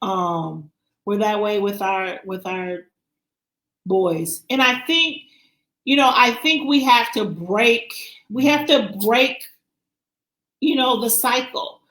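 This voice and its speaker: Slow, halting woman in an echoey room. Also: medium pitch, fairly bright tone. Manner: halting, restarts and repeats words. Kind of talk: conversational talk.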